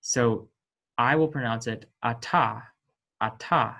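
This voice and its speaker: Male teacher, mid-pitched, very slow and halting, lots of ums, careful demonstrations of sounds. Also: steady tone, fairly bright tone. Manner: slow, hesitant, many ums and self-corrections; voices sample sounds with emphasis. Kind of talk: unscripted language lesson.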